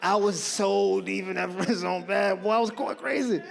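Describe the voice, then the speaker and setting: A creaky, high-pitched voice at a moderate pace belongs to a stand-up comic in his thirties. He tells stories, acts out the characters with animated voices, and speaks to the audience directly in a conversational tone.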